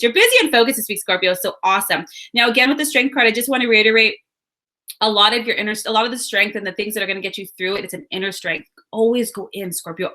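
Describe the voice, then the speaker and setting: A woman's voice: medium pitch, pushed and bright. A woman giving a casual, upbeat weekly horoscope and card reading, chatting straight to her viewers. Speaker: astrology and card reader.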